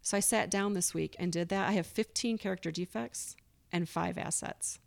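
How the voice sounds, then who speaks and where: Earnest woman guest, fairly low voice. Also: fairly even intonation, moderate pace, gravelly. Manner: earnest and open, acting out her own past thoughts. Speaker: podcast guest. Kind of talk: candid recovery interview.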